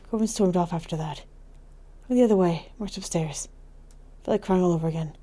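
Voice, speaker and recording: A woman hosting a gaming channel, reading the narration of a visual novel aloud in a calm, soft storytelling way. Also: lowish voice, fairly quick, over music.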